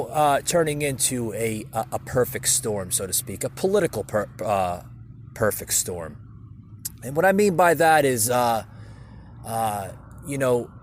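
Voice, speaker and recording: A man's voice: medium pitch, a little hiss or hum. A man hosting a solo podcast, rambling through the news with many fillers and restarts and talking straight to his listeners. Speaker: podcast host. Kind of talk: casual solo podcast commentary.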